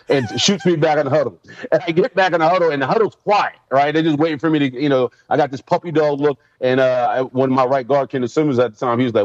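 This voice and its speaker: Animated former football player telling stories. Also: male voice, mid-range voice, fast, no echo. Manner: animated, acts out quotes in raised voices. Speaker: former NFL player guest. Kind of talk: casual storytelling interview. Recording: dull lo-fi sound.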